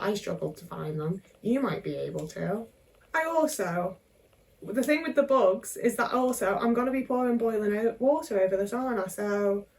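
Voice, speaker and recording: A woman's voice: medium pitch, distant mic, low-quality recording. A young woman, chatting casually and self-mockingly while she cooks at home, tagging questions onto her sentences. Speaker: vlogger. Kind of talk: casual cooking vlog chat.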